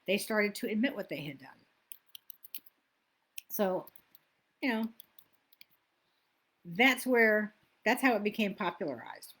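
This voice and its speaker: A woman's voice: mid-range voice, very animated, slow pace, long pauses, fairly bright tone. Self-help coach, woman, middle-aged; loose, chatty delivery that wanders and self-corrects. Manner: chatty, loses her place and laughs at herself. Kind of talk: casual teaching talk.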